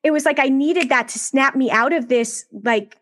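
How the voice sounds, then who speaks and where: A woman in her thirties speaks with a slightly raised pitch as a podcast guest. She tells her story candidly and animatedly, full of small asides, in a relaxed conversational manner. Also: normal speed.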